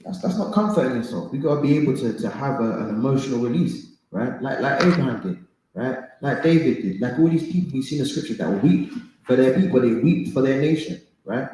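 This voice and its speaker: A man leads a relaxed Bible study, pressing his points with conversational emphasis. His voice sits in a middle range and rings out in a very echoey room. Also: mid-range voice, a little fast, a little hiss or hum. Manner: emphatic, conversational, says "man" and "right?" often. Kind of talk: casual Bible study teaching.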